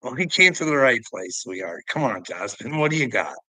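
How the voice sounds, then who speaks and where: A man's voice: mid-range voice, lively intonation, fairly quick, sharp tone, no echo, rough recording. A man livestreaming to his chat, ranting in a profane, confrontational, goading way.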